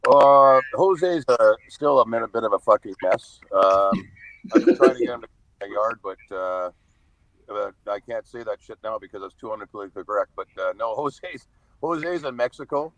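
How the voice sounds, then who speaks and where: A man's voice: on the low side, moderate pace, a bit bright, lo-fi sound. Blunt, profane man. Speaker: podcast guest. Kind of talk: casual storytelling.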